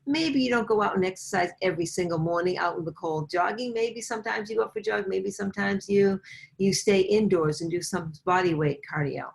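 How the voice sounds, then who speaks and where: A woman's voice: mid-range voice, a little fast, gravelly. Earnest woman health coach. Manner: earnest, lively, acts out quoted voices. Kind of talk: interview guest, conversational.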